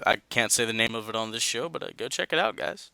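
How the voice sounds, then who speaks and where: A man's voice: medium pitch, animated, fast, creaky, pushed and bright, no room sound. A man hosting a casual wrestling podcast, reading out match results and chatting loosely with dude and man. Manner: laid-back, says dude and man, reads out results. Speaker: podcast host.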